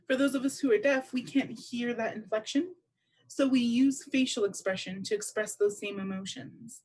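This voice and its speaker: A woman with a somewhat high voice gives spoken English to a deaf presenter's signing at a seminar. She talks in a steady, measured way, laying out each point clearly. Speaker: sign language interpreter voicing a deaf presenter.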